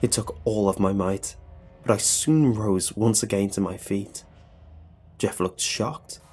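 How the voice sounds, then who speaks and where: A man's voice: on the low side, fairly even intonation, a little slow, darkish tone, slightly rough. A man narrating a comedic horror story in the first person, with dry comic asides. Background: faint music.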